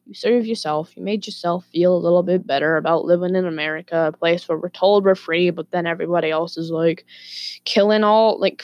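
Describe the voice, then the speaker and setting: A lower-pitched woman vlogger telling a story in an animated, profane way. She laughs at her own asides. The recording is dry and close. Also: no room sound. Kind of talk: casual storytelling to camera.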